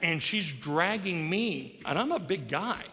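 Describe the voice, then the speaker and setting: A man's voice: high voice, animated, measured pace, gravelly, sharp tone. A middle-aged male pastor preaching a sermon, telling a story with humor and self-deprecation. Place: church sanctuary. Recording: long reverb of a large church hall.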